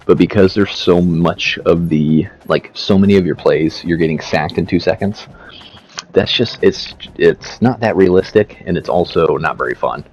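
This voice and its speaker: A man narrates his gameplay for a gaming video from his seat at home, rambling in easygoing slang and swearing freely. His low voice is a little mellow at a moderate pace, and the slightly dull lo-fi recording has a little hiss or hum.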